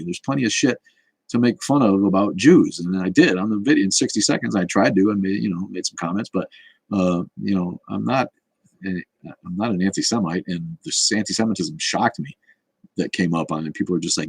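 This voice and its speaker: Low, husky man talking bluntly. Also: fairly quick, no room sound. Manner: rambling, blunt and profane. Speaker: show host. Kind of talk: casual livestream chat answering comments.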